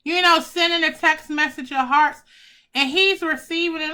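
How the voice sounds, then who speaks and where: A woman doing a casual tarot reading for her viewers, chatty and excitable, talking to them as y'all, with some swearing. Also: extremely high pitch, moderate pace. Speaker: tarot reader.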